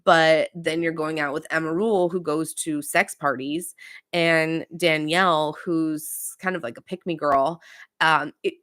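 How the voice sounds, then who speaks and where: Chatty opinionated woman with a lowish voice. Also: steady tone, unhurried, a bit bright. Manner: chatty, opinionated, many fillers. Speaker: podcast host. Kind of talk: casual recap.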